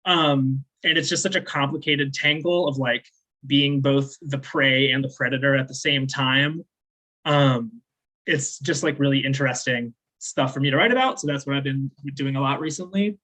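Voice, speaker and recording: A man raised in the American South, performing spoken word poetry at a slam with measured, deliberate delivery and casual, rambling asides between poems. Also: mid-range voice, bright, forceful tone, rough recording. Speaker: slam poet.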